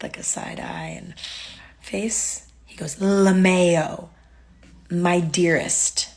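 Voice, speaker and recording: Young woman, low gravelly husky voice, wry exasperated dating storytime. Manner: wry, exasperated, quoting texts aloud. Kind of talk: casual storytelling to camera.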